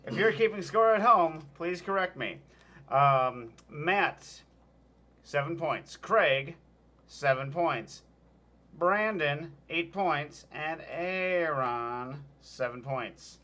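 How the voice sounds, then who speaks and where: A man's voice: fairly high pitch, expressive, slow, sharp tone. A man keeping score in a casual party game, joking and laughing often. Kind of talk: casual chat.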